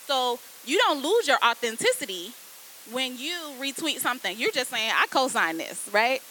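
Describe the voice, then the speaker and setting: A woman speaking to a class of students as a guest copywriter, in a lively, casual, conversational way, turning often to address them directly. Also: high voice, normal speed, a little hiss or hum, rough recording.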